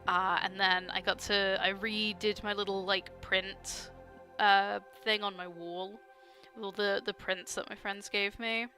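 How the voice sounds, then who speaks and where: A woman's voice: medium pitch, little pitch movement, a little slow, pushed and bright, soft background music. A young woman chatting casually while drawing on stream, rambling with many fillers and frequent laughs, gushing about art. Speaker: artist streamer.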